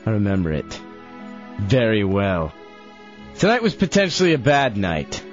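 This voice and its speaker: Young man, laughing slurry diary reading, lively voice, lo-fi radio sound. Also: on the low side, moderate pace, pauses often. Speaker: radio show regular reading his old diary. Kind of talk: radio talk, reading aloud. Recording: dull lo-fi radio broadcast with faint music.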